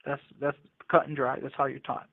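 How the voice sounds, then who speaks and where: A man's voice: medium pitch, level tone, moderate pace, gravelly, breathy edge, no room sound. A man telling a story from his own life in casual street slang, often restarting his sentences, heard over a phone call. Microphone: prison phone. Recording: tinny dry phone line.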